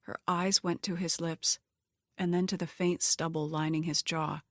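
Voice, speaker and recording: Steady female audiobook narrator, lowish voice, close dry read. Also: moderate pace, no echo. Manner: steady, even storytelling. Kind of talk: scripted narration.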